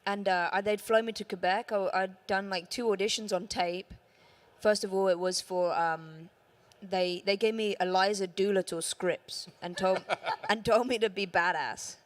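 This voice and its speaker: A woman's voice: mid-range voice, fairly even intonation, moderate pace. A woman with a London accent, a voice actress on a conference panel, telling stories chattily and laughing often. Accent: London English. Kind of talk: casual panel chat.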